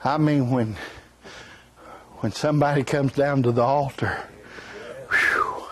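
A man preaching a sermon in a fervent style that swells into shouts, with folksy conversational asides. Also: mid-range voice, a little slow.

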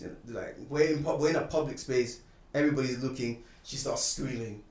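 A young man recounts a personal story in a relaxed, conversational way. He sounds set back from the mic in a roomy space, and his voice jumps up sharply when he gets indignant. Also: mid-range voice, fairly quick, distant mic. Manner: animated, rising and loud when indignant. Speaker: guest telling a personal story. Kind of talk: casual storytelling chat.

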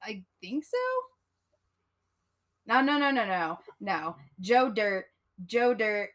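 A woman's voice: mid-range voice, lively intonation, slow pace, a bit bright. A woman guest on a podcast in casual chat, laid-back, laughing easily and trailing off.

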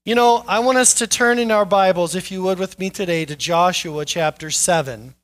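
A man's voice: high voice, normal speed, a bit bright. A man pastor preaching a sermon to his congregation in a church, talking conversationally and lifting his voice to stress key points. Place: church sanctuary.

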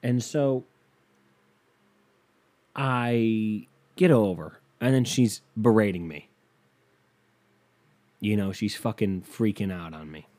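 A man's voice: on the low side, takes it slowly, pauses often, dark tone. A young man telling a story in a casual, rambling way, swearing freely and restarting his sentences often. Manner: rambling, profane, restarts a lot.

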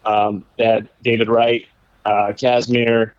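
A man of middle pitch tells a story in a loose, rambling way, with easy laughs along the way. The recording is dry and a little dull, with no room sound. He sounds relaxed, a guest in a conversation. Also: slow pace, no room sound. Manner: laid-back, rambling, laughs while telling stories. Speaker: former baseball pitcher, guest.

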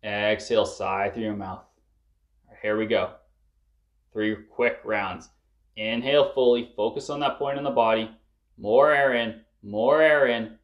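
A man's voice: lowish voice, a little slow, muffled recording. A man guiding listeners through a breathwork and emotional release session, coaching them urgently and swearing at the peaks. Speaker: breathwork facilitator.

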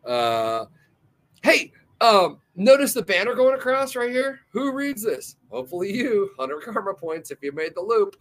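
A man's voice: fairly high pitch, fairly bright tone. A man hosting a podcast, telling a rambling, profane story in casual chat and laughing often. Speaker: podcast host.

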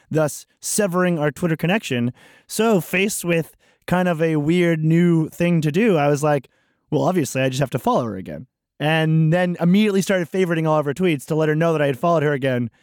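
Guy cohosting a podcast, wry and self-mocking, kinda high voice, dry sound. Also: a little mellow, no echo. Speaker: podcast co-host. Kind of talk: casual podcast chat.

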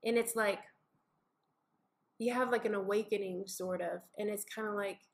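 A mother who co-hosts a family faith podcast speaks in a mid-range voice with a steady tone at normal speed. In a casual faith conversation she comes across earnest and reflective, vividly acting out quotes and little scenes as she talks.

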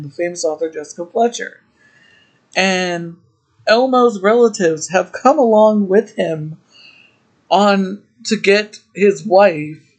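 Slow, laughing podcast host. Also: mid-range voice. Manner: laughs often while retelling; chatty, with frequent fillers. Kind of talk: casual episode recap.

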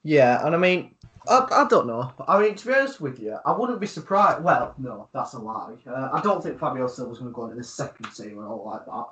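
A man, co-hosting a casual football podcast, talking in a measured way with many fillers and pauses. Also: medium pitch, lively intonation, fairly bright tone. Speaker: podcast co-host.

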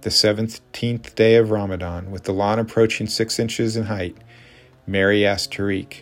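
A man narrating a story in a steady, measured reading voice. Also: on the low side, soft background music.

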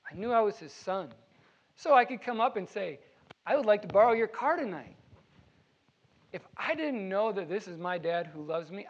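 A man's voice: high voice, muffled recording. A man preaching a sermon as pastor, earnest and conversational, with everyday examples. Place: church.

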